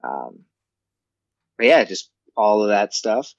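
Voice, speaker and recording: A man co-hosting a podcast in casual chat, easygoing and quick with short agreeing replies. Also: lowish voice, sing-song, no echo, highs cut off. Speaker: podcast co-host.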